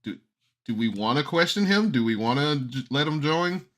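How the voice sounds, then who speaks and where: A man's voice: mid-range voice, expressive, normal speed, a bit bright, a little hiss or hum. A man playing a tabletop game, speaking hesitantly with fillers. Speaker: player. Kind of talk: casual game chat.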